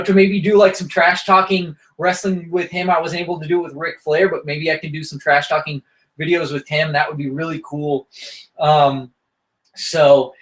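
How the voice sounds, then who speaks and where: A man's voice: on the high side, rough recording. A man hosting a casual comics podcast, talking in an enthusiastic, rambling way. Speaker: podcast host reviewing comics.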